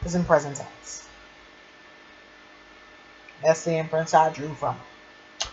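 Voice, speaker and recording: A woman with a deep, sing-song voice gushes her way through a casual fan recap of a TV drama episode, speaking slowly and pausing often. She chattily retells scenes, and the recording sounds dull and lo-fi with faint background noise.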